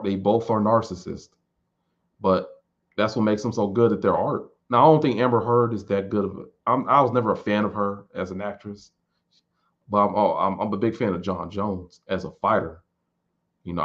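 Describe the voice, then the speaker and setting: A man in his thirties in casual chat, answering viewer questions in a relaxed, rambling way and repeating words as he thinks. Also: on the low side. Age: 30s. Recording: dull lo-fi recording.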